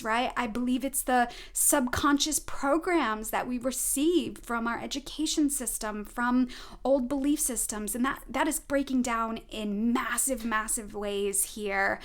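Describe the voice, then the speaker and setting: A woman's voice: fairly high pitch, a little slow. A middle-aged woman, a spiritual advisor, talking earnestly to viewers in a casual storytelling way, often checking in with "right?". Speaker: spiritual advisor giving a tarot reading.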